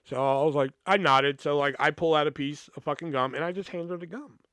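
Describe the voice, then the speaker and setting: A man's voice: on the high side, a little fast, a bit bright, smooth, dry recording, studio quality. A man hosting a podcast, telling a long, rambling story from his school days with lots of swearing and filler words. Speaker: podcast host. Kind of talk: casual storytelling.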